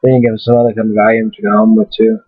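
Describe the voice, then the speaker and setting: Husky low-voiced man, tinny webcam audio. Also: flat delivery, rapid-fire, no echo. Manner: rambling and blunt, swears freely. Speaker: vlogger. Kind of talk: casual storytelling to camera.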